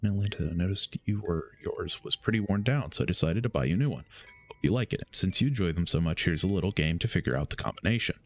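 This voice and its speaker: Deep-voiced man reading game letters. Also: expressive. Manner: reads slowly, stumbles and self-corrects. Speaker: gaming streamer.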